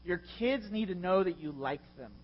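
A middle-aged man preaching a sermon as a pastor, passionate and confessional, with loud swells. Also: high voice, lively intonation, normal speed, muffled recording. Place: church.

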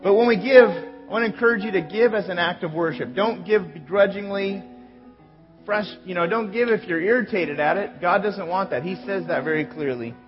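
A man's voice: high-pitched, normal speed. A male pastor giving church announcements in a conversational way, stopping now and then to correct himself. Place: church sanctuary. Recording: echoey hall, dull sound, music behind.

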